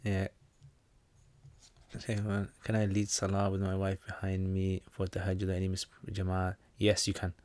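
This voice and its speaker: A man's voice: deep voice, completely flat delivery, normal speed, a little mellow, no echo. A British man hosting a casual livestream Q&A. He answers viewers' questions on Islamic practice in a chatty, informal way and reads each question aloud before he answers.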